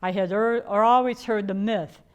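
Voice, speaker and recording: A woman's voice: medium pitch, steady tone, moderate pace, smooth. An older woman from the Chicago area telling her own life story in a candid, rambling way, full of fillers and restarts. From Chicago area, USA. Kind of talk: personal storytelling.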